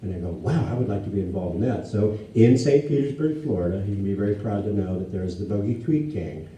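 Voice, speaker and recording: A low, mellow-voiced man in his sixties spins anecdotes for a live crowd, jumping into animated voices for each character he quotes. He sits far from the microphone in a big, echoey hall with a faint murmur behind him. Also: fast, a little hiss or hum. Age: 60s. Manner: animated, acts out quoted dialogue in raised voices. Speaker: guest speaker before an audience. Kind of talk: anecdotal storytelling to a live audience. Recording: echoey hall, distant mic, faint ambience.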